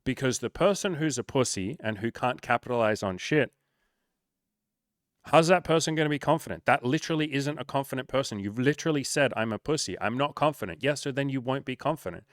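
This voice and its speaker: A man's voice: medium pitch, a little fast, no room sound, studio quality. A man working as a life coach, answering viewer comments to the camera in a blunt, profane, emphatic pep-talk manner.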